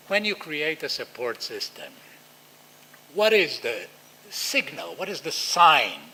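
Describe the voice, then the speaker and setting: A man with an Israeli accent giving a conference talk, animated and acting out quoted dialogue. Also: mid-range voice, slight background noise, low-quality recording. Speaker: lecturer.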